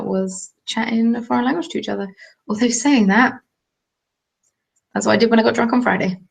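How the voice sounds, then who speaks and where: A young Englishwoman with a gravelly, medium-pitched voice hosts a laid-back knitting livestream. She chats in a meandering way and reads out comments from her viewers.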